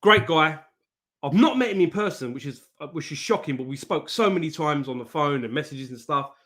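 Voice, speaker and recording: Sweary host, slightly high voice. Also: male voice, expressive, a little fast, a bit bright. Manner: banter-filled and sweary, greeting viewers by name, laughs often. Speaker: host of a live trading stream. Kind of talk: casual live-stream chat.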